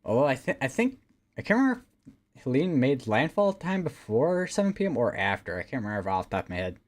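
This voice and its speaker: This livestream weather host speaks fast in a medium-pitched, sing-song voice. He keeps things casual, rambling along with plenty of fillers and false starts.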